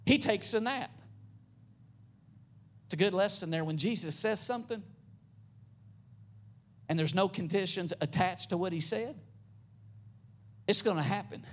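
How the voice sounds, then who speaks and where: A pastor preaching a sermon, building up into loud, high passages and then dropping to soft, low, quiet lines. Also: a little slow, pauses often.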